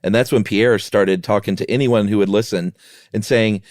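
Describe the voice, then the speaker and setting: A man's voice: on the low side, moderate pace, dry recording, clean studio sound. A man co-hosting a podcast, retelling a history story in casual chat and acting out the quoted villagers. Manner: animated, acts out quoted townspeople. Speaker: podcast co-host.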